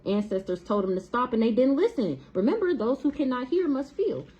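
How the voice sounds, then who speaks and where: A woman's voice: on the high side, big pitch swings, a little fast, mellow, highs cut off. A woman with giving a blunt, profane, heated tarot reading to camera in a casual monologue. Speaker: tarot reader.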